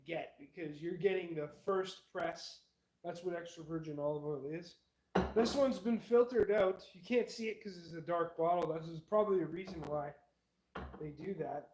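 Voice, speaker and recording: A man's voice: high-pitched, a little mellow, low-quality recording. A man vlogging casually to camera at home, rambling and eating while he talks. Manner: rambling, eats while talking.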